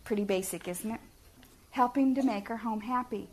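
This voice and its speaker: A woman's voice: on the high side, moderate pace, darkish tone. A middle-aged woman giving a sermon-style talk to parents, earnest and homey, often putting questions to her listeners. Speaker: speaker at a family ministry talk.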